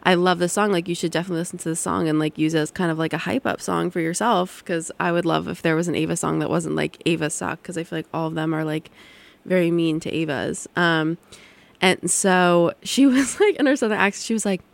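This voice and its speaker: A woman's voice: on the low side, fairly even intonation, brisk, vocal fry. A young adult woman hosting a college radio show, chatting casually between songs in a rambling way, full of "like" and "um". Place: radio studio.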